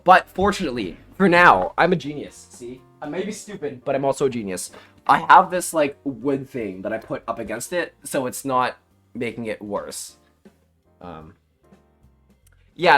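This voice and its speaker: A man's voice: medium pitch, a bit bright. Rambling, self-mocking young man. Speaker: streamer. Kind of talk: casual livestream chat.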